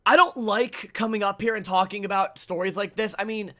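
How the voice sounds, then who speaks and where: A young man hosting a gaming channel, delivering an angry, profane rant to camera with bursts of shouting. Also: sits high, steady tone, a little fast. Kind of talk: angry ranting commentary.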